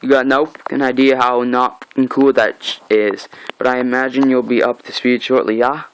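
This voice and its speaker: A man's voice: medium pitch, level tone, moderate pace, smooth, no echo, natural voice, low-quality recording. A man voicing a profane, taunting male gang leader, with a mocking, sing-song menace while reading a comic aloud.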